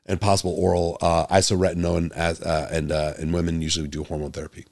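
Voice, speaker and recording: A man with a deep, low voice talks through a solo medical podcast, recorded close and dry with no room sound. He pushes his points with passion, repeats words as he restarts, and keeps asking rhetorical questions. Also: flat delivery, fast talker, creaky, no room sound. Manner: grows louder and higher when exasperated. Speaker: podcast host, doctor.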